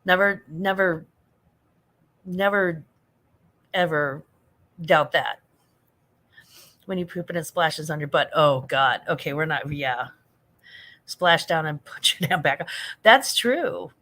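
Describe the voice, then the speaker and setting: An American woman hosts a casual late-night livestream, chatting with viewers, reading their comments aloud and laughing often. Her voice is low and steady, a bit bright, and she talks slowly with frequent pauses.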